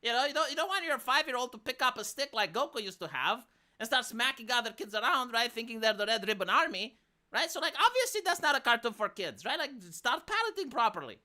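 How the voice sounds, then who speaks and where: A woman's voice: on the high side, fast talker. A woman with a Romanian accent, ranting in casual, profane commentary on a live stream. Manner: profane, exasperated, animated.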